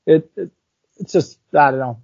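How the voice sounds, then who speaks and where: A man's voice: on the high side, moderate pace, gravelly, no room sound. Chatty man telling a funny story. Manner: animated, chatty, full of fillers like "like" and "dude". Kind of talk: casual storytelling. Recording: dull lo-fi recording.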